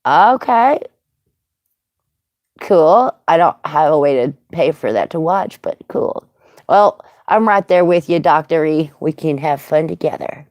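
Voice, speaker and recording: A woman's voice: sits low, expressive, measured pace, a little mellow, no room sound. A woman hosting a casual livestream, chatty and greeting viewers by name. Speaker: livestream host.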